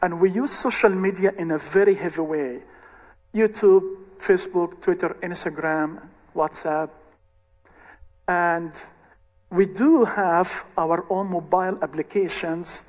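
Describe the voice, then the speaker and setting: A man's voice: high-pitched, unhurried. A man who leads a ministry, recounting a conversion story in short, earnest phrases. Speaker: ministry leader. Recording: long hall reverb.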